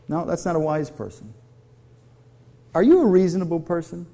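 A man's voice: fairly high pitch, lively intonation, normal speed, creaky, mellow. A middle-aged man preaching a sermon, conversational and full of questions to his audience. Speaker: pastor.

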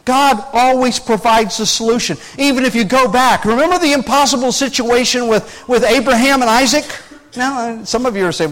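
A man with a notably high voice preaches a conversational sermon. He speaks earnestly and with animation, restarts his phrases often, and keeps checking in with his listeners. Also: a little fast, low-quality recording. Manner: earnest, animated, frequent restarts, asks the audience questions. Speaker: pastor.

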